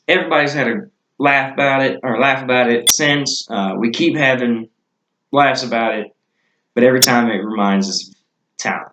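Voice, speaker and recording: A man's voice: mid-range voice, moderate pace, pushed and bright, echoey room, rough recording. A man telling stories in a casual, rambling way with many fillers. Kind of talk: casual storytelling.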